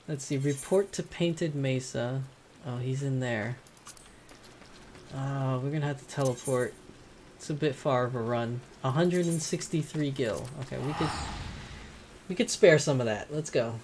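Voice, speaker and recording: Low-voiced woman chatting over gameplay. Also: a little slow, background noise. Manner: chatty, reacting aloud. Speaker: gamer. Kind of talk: gameplay commentary.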